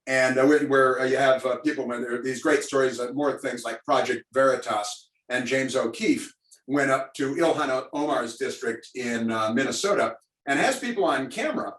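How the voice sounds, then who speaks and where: A man's voice: mid-range voice, normal speed, a bit bright, reverberant, distant mic, low-quality recording. A man hosting a virtual call-in talk show, rambling and wry in his answers. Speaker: radio talk host.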